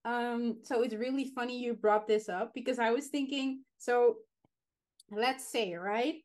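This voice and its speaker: A woman co-hosting a casual podcast, ranting in an animated, dramatic way about advice posts. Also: a little high, measured pace. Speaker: podcast co-host.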